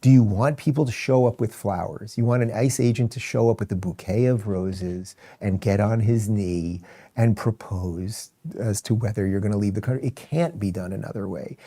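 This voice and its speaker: A man's voice: fairly low pitch, normal speed, mellow. A man hosting a political commentary show, ranting in a sarcastic, exasperated way. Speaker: show host.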